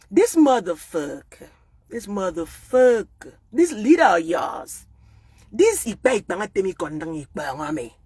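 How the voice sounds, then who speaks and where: A woman with a Nigerian accent from Akwa Ibom, speaking out in an emphatic personal monologue that swings between loud outbursts and hushed, repeated oaths. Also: medium pitch, sing-song, moderate pace, breathy edge, no room sound. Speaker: vlogger speaking out.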